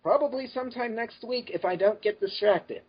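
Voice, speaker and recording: A man's voice: extremely high pitch, normal speed, breathy edge. A man guesting on a casual podcast chat, playful and prone to tangents. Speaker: podcast guest, fan fiction author. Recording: dull lo-fi audio.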